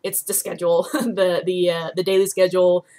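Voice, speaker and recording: A woman's voice: fairly low pitch, level tone, moderate pace, warm tone. A young woman chatting casually to her followers at home, rambling with many ums and swearing offhandedly. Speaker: vlogger.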